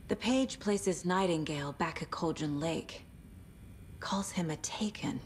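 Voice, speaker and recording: An actress voicing a calm, analytical female FBI agent who reasons deliberately in a video game. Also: on the low side, slight background noise.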